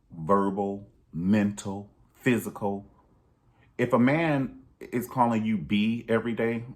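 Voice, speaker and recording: Speaking candidly to his viewers in a personal vlog monologue, a man with a deep, low voice takes an emphatic, preachy tone. Whenever he drives a point home, his pitch leaps sharply upward.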